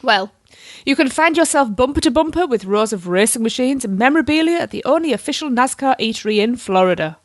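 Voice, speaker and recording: A woman co-hosting a podcast, chatting in a lively way and reading out descriptions. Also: a little high, fast talker, few pauses, no room sound, studio quality. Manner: lively, laughs often, reads out descriptions. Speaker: podcast co-host. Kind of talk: casual chat.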